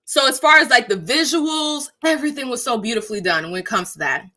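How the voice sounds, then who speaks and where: A woman talks straight to her live-stream chat in a high, bright voice. She swears freely and hammers her points with emphasis. She breaks into laughter often between her points. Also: expressive, a little fast. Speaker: streamer and channel host. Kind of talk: casual live-stream commentary.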